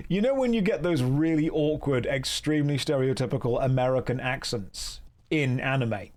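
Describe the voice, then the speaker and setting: A man's voice: medium pitch, moderate pace, few pauses, a little mellow. A man chatting playfully while streaming a game, joking and reading viewer comments aloud. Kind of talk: casual live-stream chat.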